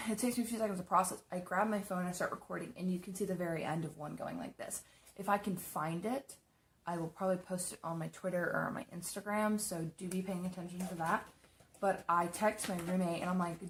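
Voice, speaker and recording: A young beauty vlogger with a lowish, slightly fast voice tells spooky personal stories from her apartment. Her casual storytelling is chatty and animated, and she swears often.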